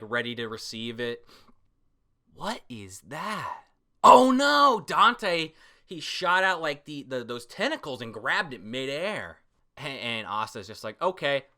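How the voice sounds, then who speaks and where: Excitable swearing man reviewing comics. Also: mid-range voice. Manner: excitable, swearing, bursting into shouts. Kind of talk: casual reaction commentary.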